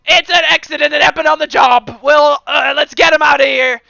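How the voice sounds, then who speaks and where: A game master plays a fussy male watch captain who trips over his words, fawns over his betters and barks at his men. The voice sits high and creaky with a bright, tense edge and swoops widely in pitch. It is recorded close and dry, with faint music behind. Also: lively intonation, unhurried, no room sound, full character voice. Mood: barking. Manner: stammering, fawning, bursts into shouts.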